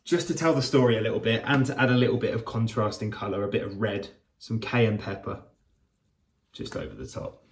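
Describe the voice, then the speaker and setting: A man hosting a cooking vlog, tasting his dish and gushing over it in an excitable, casual way. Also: lowish voice, fast talker, echoey room, a little hiss or hum. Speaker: cooking show host.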